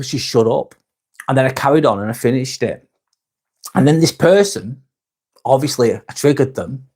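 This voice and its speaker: A man's voice: medium pitch, a little mellow. A man in his forties hosting a live vlog, chatting casually and candidly, rambling and swearing a lot. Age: 40s. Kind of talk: casual live-stream chat.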